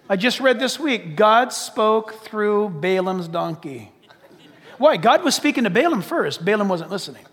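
A man with a very high-pitched voice preaches a sermon, emphatic and full of rhetorical questions. He keeps calling the congregation to listen. A long reverb trails his words through a large church hall. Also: expressive, moderate pace, fairly bright tone. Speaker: pastor.

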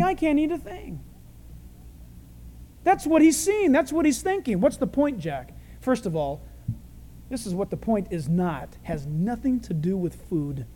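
A man's voice: sits high, big pitch swings, unhurried, dark tone. Brief: humorous male preacher, conversational sermon, big hall echo.

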